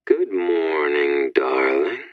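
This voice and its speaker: Woman narrator putting on a low, drawling, mocking young man; dry close audiobook sound. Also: big pitch swings, no echo, narrow, tinny audio, exaggerated voice. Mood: taunting. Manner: slow taunting drawl. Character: cruel, mocking young man, prep-school rival.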